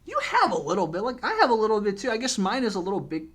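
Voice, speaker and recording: A man's voice: sits high, huge pitch swings, rapid-fire, fairly bright tone. Young guy hosting a chill chat, rambly and self-mocking, keeps saying man. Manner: chatty, self-deprecating, says "man" a lot. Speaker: host. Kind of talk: casual chat.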